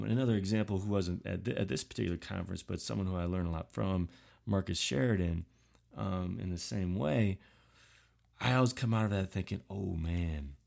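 A man's voice: lowish voice, vocal fry, a little mellow. A man hosting a podcast, talking through a casual, rambling monologue full of fillers and restarts, self-deprecating. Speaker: podcast host.

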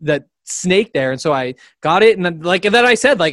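Young guy on a sports podcast, rambles a lot, fairly high voice, dry close sound. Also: moderate pace, fairly bright tone, dry recording. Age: 20s. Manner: rambling storyteller, many fillers. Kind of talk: casual chat.

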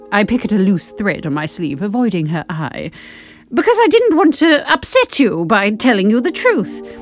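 Woman reading a funny first-person story, wry and a bit defensive, voice bounces around a lot, soft music under it. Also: on the high side. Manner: wry, self-justifying, expressive. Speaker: narrator. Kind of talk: first-person comic audiobook narration.

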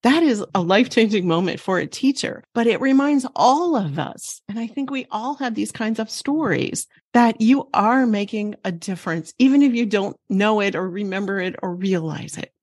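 A woman's voice: mid-range voice, normal speed, few pauses, a little mellow, no room sound, clean studio sound. A woman co-hosting a podcast for teachers, speaking in an earnest, encouraging way. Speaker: podcast co-host. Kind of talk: reflective podcast talk.

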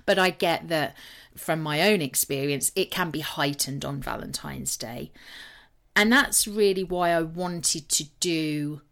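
British woman, low voice, podcast host, chatty and self-mocking monologue. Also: measured pace, fairly bright tone. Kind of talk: casual solo podcast talk.

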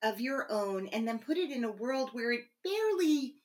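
A woman's voice: a little high, big pitch swings, normal speed. A woman hosting an interview podcast, speaking with effusive praise and many fillers. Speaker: podcast host.

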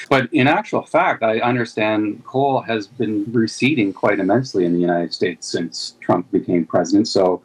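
A man's voice: lowish voice, normal speed, hardly any pauses, breathy edge, rough recording. A man, an editorial cartoonist, talking casually in a rambling way with many restarts. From Canada. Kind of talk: casual discussion.

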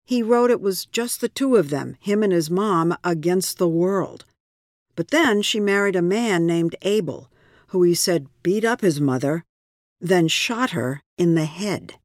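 High-voiced male news narrator. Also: measured pace, no echo, studio quality. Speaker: correspondent, narrator.

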